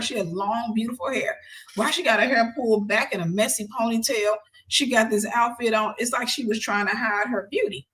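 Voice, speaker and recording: A woman hosting a talk show tells a story from her own life. She is lively and conversational, acts out other people when she quotes them, and drops to a hushed, almost whispered tone at the heavy moments. Her pitch sits in the middle range. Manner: animated, quotes people in changed voices, drops into soft near-whispers. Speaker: host. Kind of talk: personal storytelling.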